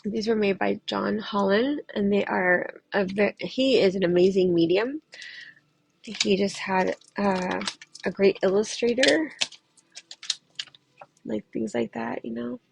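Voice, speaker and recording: A woman's voice: medium pitch, slow, creaky, background noise. A woman who reads tarot, chatting casually and loosely on a livestream from home and laughing often. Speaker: tarot reader.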